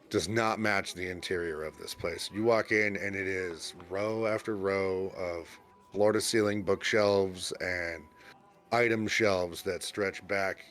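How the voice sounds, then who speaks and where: A man's voice: lowish voice, a bit bright. A man narrating a tabletop role-playing game as game master, in a loose, rambling way with lots of fillers. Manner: rambling, full of fillers and restarts.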